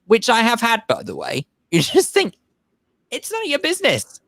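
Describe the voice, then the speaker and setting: A man's voice: very high voice, huge pitch swings, normal speed, a bit bright, no room sound. A middle-aged man co-hosting a radio show, wry and mock-indignant, given to long explanations. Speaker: radio co-host. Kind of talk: bantering radio chat.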